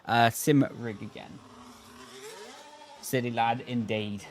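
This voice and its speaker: A man's voice: medium pitch, fairly even intonation, slow pace, slight background noise. A man talks casually into a desk microphone while streaming a racing game from his home setup. He chats easily with viewers, greeting them by name and correcting himself mid-sentence. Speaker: game streamer and sim racer. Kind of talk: casual livestream chat while gaming. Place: home sim racing rig. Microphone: desk microphone on a stand.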